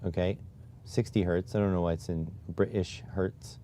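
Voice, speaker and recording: A man's voice: deep voice, fairly even intonation, moderate pace, mellow, slight background noise. A man streaming live, muttering to himself and getting exasperated while he fiddles with display settings. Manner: exasperated, keeps sighing oh my God. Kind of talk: casual live-stream talk.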